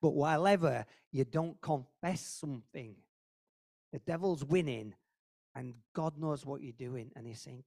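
At a church meeting, a man serving as lay preacher talks to the group in a casual but earnest sermon, leaning on repeated phrases for emphasis. He has a mid-range, slightly mellow voice and speaks a little slowly.

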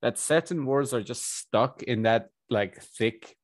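Speaking slowly in a mid-range voice on a dry recording, a young man from India chats casually as a personal trainer. He has an Indian-British blended accent and rambles animatedly, chuckling often.

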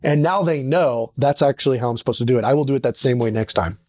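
A man's voice: fast, no room sound, highs cut off. A middle-aged man, a ministry leader, giving a conversational leadership teaching and acting out little dialogues. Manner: animated, acts out little dialogues with sudden pitch jumps.

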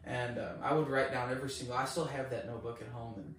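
A man telling a story in casual conversation, acting out both sides of the exchange with mounting excitement. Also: medium pitch, fast talker, a little hiss or hum. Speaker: guest. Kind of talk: animated storytelling in casual chat. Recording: echoey room, distant mic.

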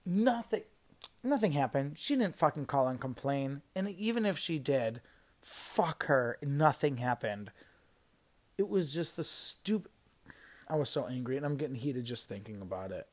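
A man's voice: medium pitch, animated, unhurried. A young man on a casual podcast, retelling a work story in a heated, swearing rant with emphatic outbursts. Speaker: podcast guest recounting a job story.

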